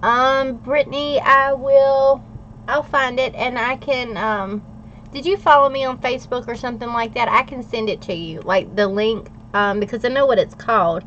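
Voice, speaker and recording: A woman's voice: fairly high pitch, moderate pace, a bit bright. A middle-aged woman hosts a casual livestream, chatting and answering viewers' comments. She is playful and laughs often. The audio is a little dull and lo-fi, with faint noise underneath. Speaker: livestream host. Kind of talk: casual livestream chat while journaling.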